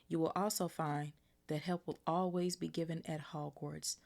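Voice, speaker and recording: A woman voicing an old, calm and wise wizard headmaster who speaks in a measured, firm way. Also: low-pitched, gravelly.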